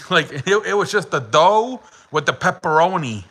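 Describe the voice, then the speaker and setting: Bright-voiced young man telling a story. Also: high voice, lively intonation, a little slow, rough recording. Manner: laughing often, swearing, many "like" fillers. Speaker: podcast host. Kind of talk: casual storytelling chat.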